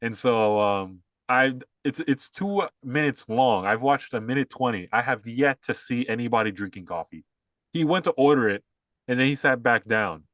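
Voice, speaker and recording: A man's voice: mid-range voice, normal speed, fairly bright tone, dry recording. Rambling, sarcastic young male podcaster. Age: young adult. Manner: rambling, filler-heavy, sarcastic. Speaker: podcast co-host. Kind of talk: casual political commentary.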